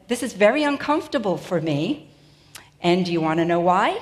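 Boston lady giving a chatty sermon, kinda high voice, big echoey church. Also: unhurried. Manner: chatty, self-deprecating, animated storytelling. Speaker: preacher. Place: church sanctuary. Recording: long reverb of a church hall.

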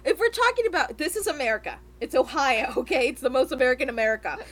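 High-voiced woman ranting with laughs. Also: fast talker. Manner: animated ranting, swears, laughs often. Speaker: podcast co-host. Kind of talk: casual chat.

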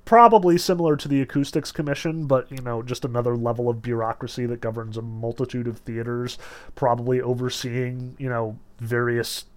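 A man casually talking through a novel, reading passages aloud, with frequent "like" and "you know" and amused asides. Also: mid-range voice. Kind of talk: casual book discussion with read-aloud passages.

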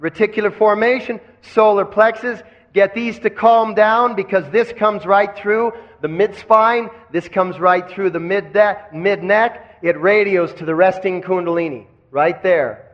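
A man's voice: high voice, unhurried, hardly any pauses. A man teaching kundalini yoga in a live lecture, asking the class questions and having them repeat phrases back. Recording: dull lo-fi recording.

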